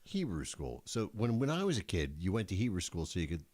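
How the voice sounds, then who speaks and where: A man's voice: low voice, very animated, fairly quick, darkish tone. A middle-aged man co-hosting a podcast, dropping wry, teasing remarks in casual chat. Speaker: podcast co-host.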